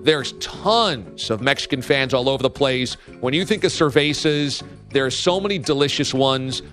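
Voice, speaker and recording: A man's voice: mid-range voice, normal speed, fairly bright tone, faint music behind. A man hosting a casual sports talk show, telling stories emphatically and acting out mock quotes. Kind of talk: casual sports radio banter.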